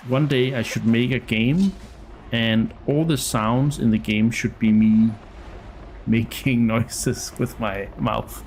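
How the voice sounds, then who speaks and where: Casting: a slow-talking, gravelly man streaming a game, rambling and self-amused. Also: medium pitch, fairly even intonation, a little mellow, a little hiss or hum, rough recording. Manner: rambling, self-amused, stumbling over words. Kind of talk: casual gameplay commentary. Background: game music.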